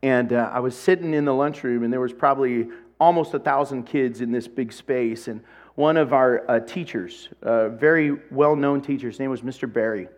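A man preaching a sermon as pastor, telling a personal story with animation and acting out bits of dialogue. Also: medium pitch.

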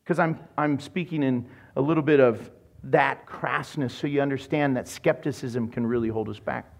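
A pastor preaches a sermon in an animated way, telling jokey stories and acting out other people's voices. His mid-range voice has vocal fry and moves at a normal speed.

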